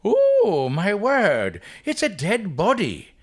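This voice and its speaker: Man putting on a jolly drunk Irish trickster, high lilting brogue, big swoops. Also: huge pitch swings, slow, exaggerated voice. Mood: drunken jolly. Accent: put-on Irish brogue.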